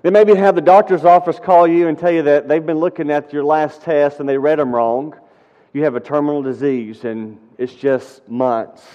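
A male pastor delivers an earnest sermon, his voice swelling and dropping for emphasis. His tone sits slightly high for a man. The recording is a little dull, with a long church reverb trailing each phrase. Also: fairly even intonation, normal speed. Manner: earnest, rising and falling for emphasis. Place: church sanctuary.

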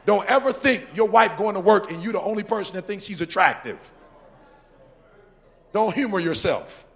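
A man with a gravelly, slightly high voice gives an informal church talk. He repeats his lines for emphasis and speaks straight to the men in the audience, with laughs between his points. His tone stays loose and conversational, as in a discussion with questions from the floor. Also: animated, normal speed, fairly bright tone. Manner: talks to men in the audience directly.

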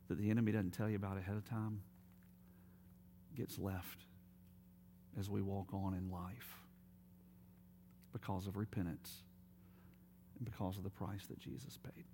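A man preaching a sermon as pastor, telling stories and dropping to quiet, emphatic appeals. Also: on the low side, steady tone, measured pace, long pauses, a little hiss or hum.

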